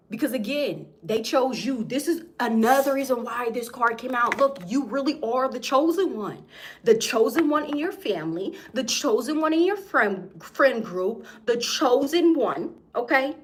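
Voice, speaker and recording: A young woman giving a casual tarot reading to her viewers, slangy and emphatic, often tagging lines with "okay?". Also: sits high. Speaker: tarot reader.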